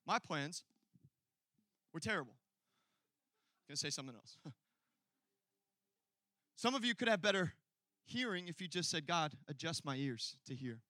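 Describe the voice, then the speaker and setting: A male pastor preaching a sermon, telling a personal story and building from quiet asides to loud, emphatic peaks. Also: on the high side, lively intonation, measured pace, pauses often, no echo.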